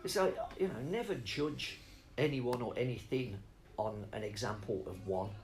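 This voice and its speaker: A man's voice: medium pitch, sing-song, moderate pace, low-quality recording. A middle-aged man rambling off on tangents in a casual interview, swearing freely as he talks about spoken word.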